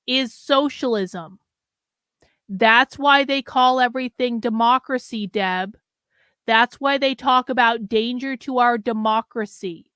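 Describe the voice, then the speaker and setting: A woman's voice: fairly high pitch, slow pace, fairly bright tone, clear, resonant tone, no room sound, clean studio sound. A woman hosting a reaction commentary show, talking back to a clip in a blunt, sarcastic, mocking way.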